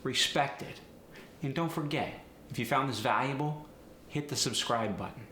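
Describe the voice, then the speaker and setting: Bright-voiced male dialect coach. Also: medium pitch. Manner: slow, deliberate demonstration of pronunciations; direct, encouraging address to viewers. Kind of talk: instructional video narration. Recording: echoey room with faint noise.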